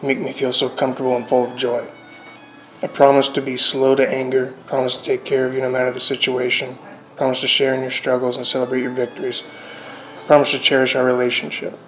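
A young man reading sincere wedding vows to his bride in a steady way. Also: mid-range voice, quick pace, low-quality recording. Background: soft music.

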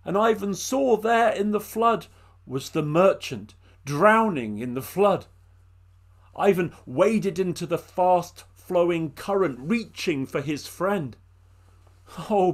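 A man from England telling a folk tale to an audience, expressive and addressing listeners by name. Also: high voice, slow. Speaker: storyteller. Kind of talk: oral storytelling performance.

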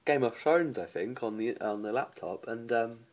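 Animated, gossipy young man. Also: normal speed. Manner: animated, mimics neighbours in shrill shouts and whispers. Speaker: vlogger. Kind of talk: casual gossipy vlog. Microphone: phone camera held by hand.

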